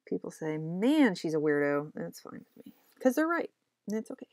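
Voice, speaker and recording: A woman's voice: medium pitch, very animated, a little fast, a little mellow, no echo, studio quality. A young adult woman chatting casually while she draws comics, rambling, mocking herself and talking to herself as she works. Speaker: comic artist vlogger. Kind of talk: casual chat while drawing.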